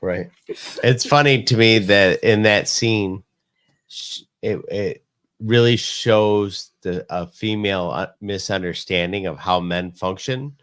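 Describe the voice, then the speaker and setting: A man's voice: fairly low pitch, steady tone, takes it slowly, fairly bright tone, dry recording. A man co-hosting a podcast, chiming in with dry, wry comments and some swearing. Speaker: podcast co-host. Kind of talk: casual episode discussion.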